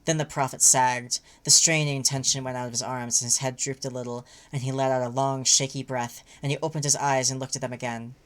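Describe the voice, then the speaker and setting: A woman's voice: rumbling low, fairly quick, hardly any pauses. A woman reading a fanfic aloud as livestream co-host, then chatting with many fillers. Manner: lively narration, rambling with many fillers when chatting. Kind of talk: reading fiction aloud, casual chat.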